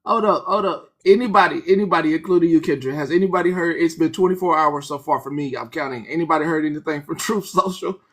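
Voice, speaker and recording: A co-host in a casual commentary chat who talks excitedly. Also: fast talker, hardly any pauses. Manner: excitable, laughs high and often.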